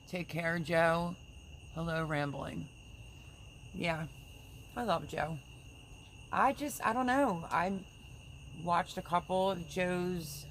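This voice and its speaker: A woman's voice: lowish voice, slight background noise. Chatty woman livestreamer, crickets behind. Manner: chatty and warm-hearted, reads viewer comments aloud, offers prayers. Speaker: livestream host. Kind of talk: casual live chat reading comments.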